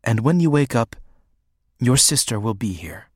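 A man voicing a powerful, motherly woman with a deep, soft, musical voice, speaking tenderly and steadily in an audiobook. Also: very animated, moderate pace, husky, no room sound, studio quality. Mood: gentle.

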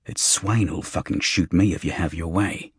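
A man reading the part of a tense older man who swears softly and speaks slowly. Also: sits low, breathy edge, no room sound. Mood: low and tense. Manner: soft, swearing, slow. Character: tense gruff older man holding a gun.

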